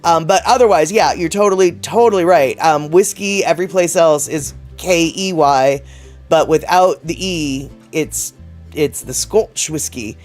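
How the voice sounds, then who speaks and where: A man's voice: on the high side, a little slow, soft background music. A man hosting a casual livestream, reading chat messages aloud and rambling in a chatty way, laughing often.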